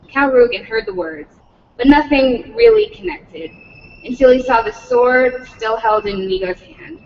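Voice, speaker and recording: A woman's voice: high voice, animated, normal speed, a little mellow, big-room sound, far from the mic, highs cut off, slight background noise. A woman reading a novel aloud at a public read-in, slipping profanity into the text. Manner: adds profanity, breaks off laughing.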